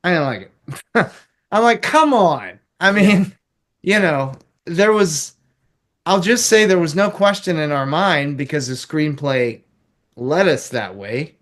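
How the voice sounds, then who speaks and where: A man's voice: a little high, a little slow, fairly bright tone. Rambling, chuckling male film reviewer. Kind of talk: casual chat.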